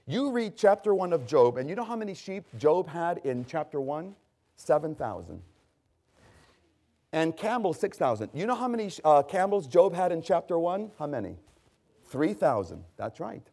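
A man preaches with a fairly high voice that rises and falls freely. He leans hard on key words and slows them down for weight, and he keeps asking his listeners questions before answering them himself. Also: vocal fry. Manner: lively, emphatic delivery with rising, drawn-out stresses. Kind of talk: sermon.

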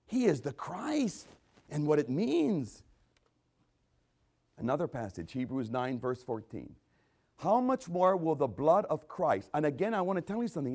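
An older man preaching a sermon as pastor, swinging between loud emphasis and quiet asides. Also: fairly high pitch.

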